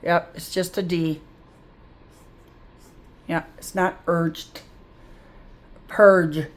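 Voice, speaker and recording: A middle-aged woman tutors reading, slowly and patiently sounding out word endings one at a time. Her voice sits a little low for a woman, and she takes her time over every word. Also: fairly even intonation. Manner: slow, patient, sounding out words aloud. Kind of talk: phonics lesson to camera.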